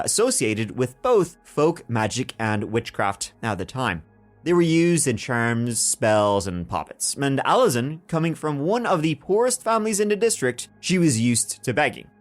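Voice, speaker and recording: A man hosting a dark-history podcast in a loose, joking way, his voice rising and falling a lot as he tells the tale. He drops casual swears as he goes. Faint music sits behind him. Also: medium pitch. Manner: jokey and animated, swears casually. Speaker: podcast host.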